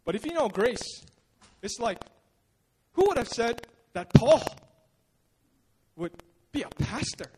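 A male pastor preaching a sermon at a church service in a casual, animated way, often repeating his words and joking at his own expense. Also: extremely high pitch, slow pace, long pauses, breathy edge.

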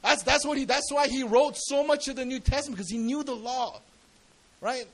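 A man's voice: extremely high pitch, normal speed, rough recording. A man preaching a sermon in a casual, slangy way, often asking the congregation questions.

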